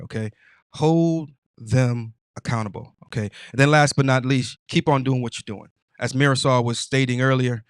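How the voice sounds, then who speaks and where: A man's voice: mid-range voice, dry recording, studio quality. A man hosting his own show, talking in a casual, emphatic and preachy way with stammering restarts. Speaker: host. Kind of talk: casual motivational monologue.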